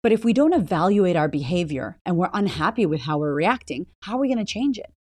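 A woman's voice: fairly low pitch, very animated, fast talker, a little mellow, no echo, clean studio sound. Blunt, swearing woman podcast host. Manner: blunt, swears freely, asks many rhetorical questions. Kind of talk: motivational podcast talk.

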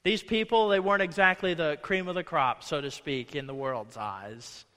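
Male pastor, high bright voice, conversational sermon with acted-out quotes, reverberant church hall. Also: moderate pace. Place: church sanctuary.

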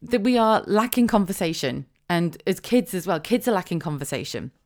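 A middle-aged woman chats through her own podcast. Her voice sits low but leaps up and down with lively swings. She talks on her own, with quick asides, rhetorical questions and frequent laughs. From England (Wiltshire). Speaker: podcast host. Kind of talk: casual solo podcast monologue.

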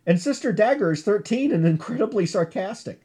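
A man's voice: sits high, animated, a little fast, dark tone, husky. A man giving a chatty class lecture on comics, full of asides and self-corrections.

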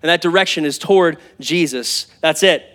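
A man in his thirties, a pastor preaching to a live congregation in a church, conversational and animated, calling out to the crowd. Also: fairly high pitch, normal speed. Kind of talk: sermon.

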